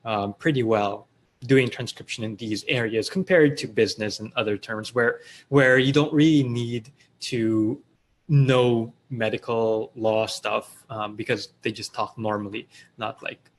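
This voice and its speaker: A man with a middle-pitched voice hosts a live question-and-answer stream. He talks loosely and conversationally, filling pauses with ums and restarting sentences as he thinks aloud. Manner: reads viewer questions aloud and draws on a board while talking. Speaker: livestream host answering viewer questions. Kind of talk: casual live Q&A explaining transcription work.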